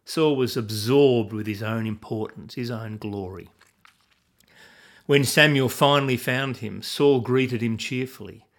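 A man's voice: medium pitch, measured pace. A man teaching from the Bible in a sermon style, earnest and asking his listeners questions.

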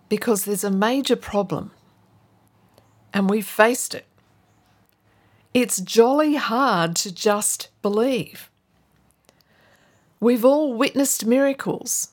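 A woman pastor giving a sermon to her church, earnest and emphatic, acting out the people she quotes. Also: a little high.

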